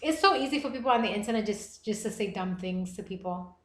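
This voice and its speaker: A young American woman hosting a livestream podcast, chatting casually with viewers in a playful, animated way. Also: mid-range voice, quick pace. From United States. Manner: animated and playful, with gasps and bursts of laughter. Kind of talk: casual livestream chat reading viewer comments. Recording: echoey room.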